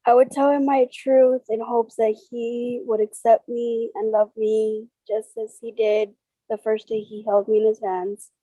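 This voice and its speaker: Woman, interview guest, halting emotional speech, higher voice, dry sound. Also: little pitch movement, mellow, no room sound, low-quality recording. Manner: slow, halting, tearful at times. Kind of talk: emotional personal interview over video call. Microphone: video call.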